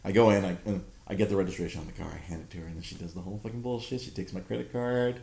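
A man's voice: deep voice, rapid-fire, creaky, warm tone. A man in his thirties hosting a podcast, telling an exasperated, profanity-laced story in casual chat. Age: 30s. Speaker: podcast host. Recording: roomy echo.

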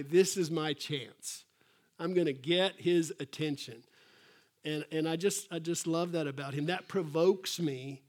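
A man preaching with an animated delivery and a slightly high-pitched voice. He acts out quotes in a raised voice, then drops to soft, quiet asides. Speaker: pastor. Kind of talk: sermon.

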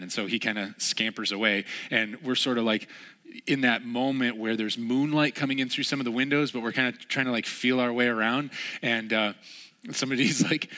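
A young adult man, a pastor, opening a church sermon with a lively personal story and acting out the voices. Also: medium pitch, a little fast. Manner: animated storyteller, acts out voices.

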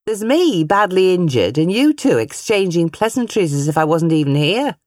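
A woman's voice: sits low, expressive, normal speed, no room sound, studio quality. A woman reading an audiobook, voicing a dignified older mother with a teasing, wry manner. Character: older widowed mother, warm and mischievous.

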